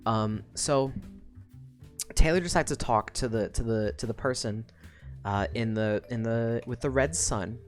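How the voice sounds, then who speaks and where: A woman's voice: a bass voice, a little slow, darkish tone, faint music behind. A woman streamer chatting casually through a book recap, swearing freely and rambling with fillers.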